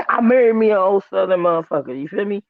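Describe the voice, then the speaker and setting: A high-pitched, gravelly man from Northern California talks quickly as he co-hosts a casual live show, animatedly telling stories, acting out other people's voices and quotes, and swearing freely. The recording is dry, with a tinny, phone-like quality.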